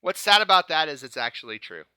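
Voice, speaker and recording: A man's voice: fairly high pitch, sing-song, quick pace, a crowd in the background. A man hosting a casual fan-show podcast, upbeat, laughing often and stumbling over repeated words. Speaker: podcast host.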